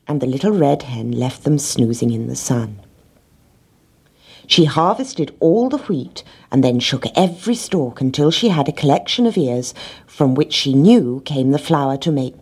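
A woman reads a children's storybook aloud in a gentle, expressive way. Her voice is low and husky, and her intonation swings widely as she tells the tale. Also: measured pace. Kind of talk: storybook narration.

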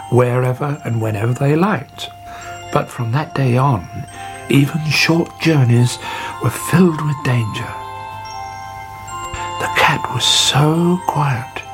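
A woman narrating a children's storybook in an expressive, gently paced way. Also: very deep voice, slow pace. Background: music.

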